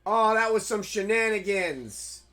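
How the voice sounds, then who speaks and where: A man commentating his own gameplay live, excitable and swearing at the game, then talking softly to his pet. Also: high voice, measured pace. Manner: soft baby talk to a pet. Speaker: game streamer.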